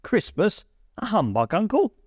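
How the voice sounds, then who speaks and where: A man voicing Scrooge's cheerful, eager young nephew in a high, lively voice. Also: moderate pace, dry recording, clean studio sound. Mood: incredulous. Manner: cheerful, pleading.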